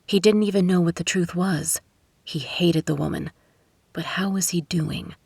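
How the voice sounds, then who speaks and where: A woman reading a romance novel aloud in a steady, measured way. Her voice sits low, and the booth recording is close and completely dry. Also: gravelly, husky, dry recording. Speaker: audiobook narrator. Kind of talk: scripted narration. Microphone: studio microphone.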